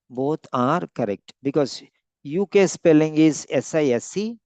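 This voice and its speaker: Guy teaching vocab online, super slow, dry close mic. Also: mid-range voice, warm tone, no echo. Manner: slow, repeats words, stretches them out to stress them. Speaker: English teacher.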